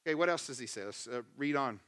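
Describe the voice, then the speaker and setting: A man's voice: medium pitch, lively intonation, fast, fairly bright tone, clean tone. A male pastor preaching a sermon, conversational and emphatic, asking his congregation questions and acting out quotes. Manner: emphatic, acts out quotes in voices.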